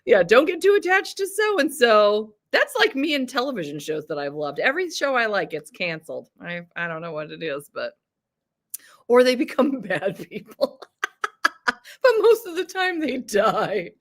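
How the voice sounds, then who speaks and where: Chatting with her livestream audience and going through their comments, this thirty-something host is bubbly and laughs a lot. She speaks at an ordinary speed in a slightly high, very animated voice.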